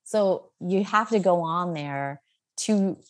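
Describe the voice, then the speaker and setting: A woman's voice: lowish voice, slow pace. A woman in her thirties, a guest in a casual interview, talking in an upbeat, chatty way full of fillers and laughter. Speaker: guest, social media creator.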